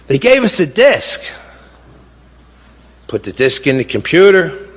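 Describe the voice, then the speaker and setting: Telling his own story as a bereaved father, a middle-aged man speaks at a measured pace with long pauses and big pitch swings. His fairly high voice is a bit bright and husky. He is indignant and impassioned, repeating for emphasis, using rhetorical questions and frequent "you know," with long hall reverb.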